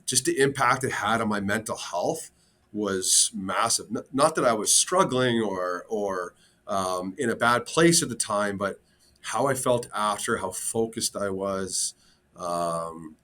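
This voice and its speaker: Earnest low-voiced man, hockey coach guest. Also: pushed and bright. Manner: earnest, open, many fillers. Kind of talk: casual interview.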